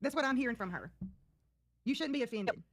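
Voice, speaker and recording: Animated, fast-talking sassy woman. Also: fairly high pitch, a little hiss or hum. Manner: sassy, mocking, profane roasting. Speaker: reaction streamer host. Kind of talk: casual reaction commentary.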